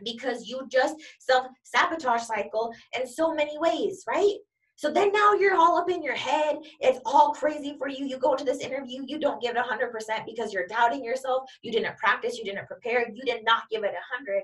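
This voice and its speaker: Emphatic higher-voiced woman coach. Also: a little fast, fairly bright tone, distant mic. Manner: emphatic and repetitive, piling up examples. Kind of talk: motivational talk.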